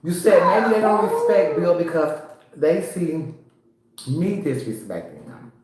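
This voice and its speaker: A woman's voice: on the low side, animated, unhurried, very noisy. A woman co-hosting a casual live family chat, complaining heatedly and talking over her partner. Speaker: show co-host. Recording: very echoey room.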